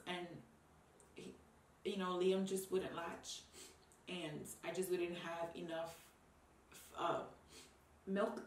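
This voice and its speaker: A woman's voice: on the low side, a little hiss or hum. A young woman and new mother talking to camera in a heartfelt, rambling way with many ums and restarts. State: tearful at times. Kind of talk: personal talk to camera. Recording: roomy sound, mic a bit distant.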